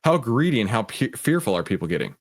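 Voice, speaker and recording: A man's voice: medium pitch, quick pace. A man hosting a stock market show, explaining in a casual, conversational way with frequent asides. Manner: animated storyteller who acts out voices.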